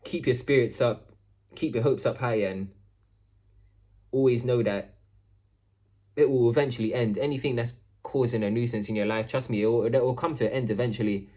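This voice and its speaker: A man's voice: medium pitch, moderate pace, long pauses. A man, ranting casually about a coworker, swearing often and calling the listener "bro". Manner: swearing, animated, repeats "bro" and "I'm like". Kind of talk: casual storytelling rant.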